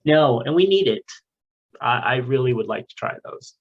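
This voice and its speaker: A man's voice: mid-range voice, animated, normal speed, vocal fry, slightly rough, dull audio. A man co-hosting a casual podcast, reading listener mail aloud in a loose, joking way with the odd swear. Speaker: podcast co-host.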